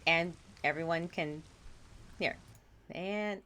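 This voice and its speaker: A woman's voice: fairly low pitch, slow pace, pushed and bright, a little hiss or hum. A woman casually commenting on a game she streams, chatty and self-deprecating with frequent laughs.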